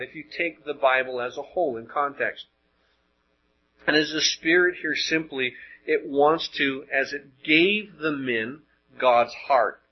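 Male preacher, husky voice, conversational sermon full of rhetorical questions; muffled lo-fi recording. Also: medium pitch. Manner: conversational, rhetorical questions, frequent word repeats.

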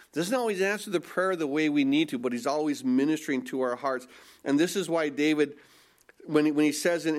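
A man preaching a sermon as a pastor, earnest and emphatic, asking rhetorical questions and repeating himself. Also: medium pitch.

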